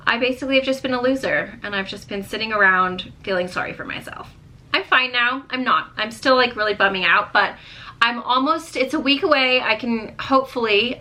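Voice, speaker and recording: Woman, 30s, vlogger; bright, chatty, venting delivery with fillers. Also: mid-range voice. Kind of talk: candid casual chat to camera.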